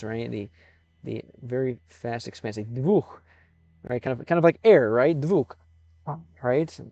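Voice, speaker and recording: Man slowly sounding out Russian words. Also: medium pitch, gravelly, mellow, dry recording, highs cut off. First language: English. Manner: sounds out Russian words haltingly, thinking aloud. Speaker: streamer. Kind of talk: casual live-stream chat.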